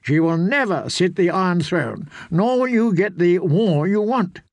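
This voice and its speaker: A man's voice: sits high, lively intonation, a little slow, dry recording, pitched above the performer's own voice. A man reading an audiobook, voicing an arrogant, mocking knight in a raised, drawling voice. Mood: scornful. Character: arrogant sardonic male knight, dangerous.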